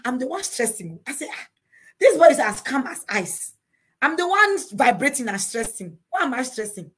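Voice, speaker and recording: A husky-voiced, middle-aged woman talks marriage and faith. Her delivery is earnest and preachy, built on rhetorical questions she answers herself. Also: a little high, a bit bright. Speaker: co-host of a couples talk show. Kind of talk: preachy advice talk to a live chat.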